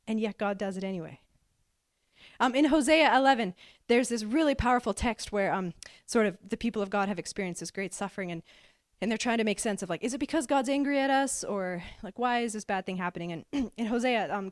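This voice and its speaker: A woman's voice: a little high, no echo, studio quality. A woman in her thirties preaching a sermon, earnest and heartfelt, often repeating words as she starts a phrase. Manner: earnest, repeats words when starting a phrase, voices God's lines with feeling.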